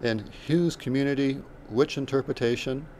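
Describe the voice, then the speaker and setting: A man's voice: medium pitch, moderate pace, a little mellow, a little hiss or hum. A man teaching a recorded writing lesson, working through examples one step at a time with fillers and self-corrections. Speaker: writing instructor.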